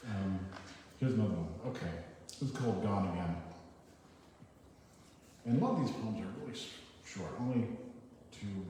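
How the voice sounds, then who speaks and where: A man's voice: on the low side, lively intonation, normal speed, pauses often, mellow, slight background noise. A man reading poems aloud to an audience, introducing each one briefly before reciting it. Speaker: poetry reader. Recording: echoey hall picked up from far off.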